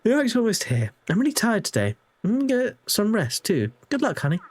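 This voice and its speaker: A man's voice: sits high, huge pitch swings, fairly quick, pitched above the performer's own voice, exaggerated voice. A man voicing a fretful young mother who chats over the radio in a game, reading her dialogue aloud. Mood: chatty, worried. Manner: chatty, fretful, affectionate.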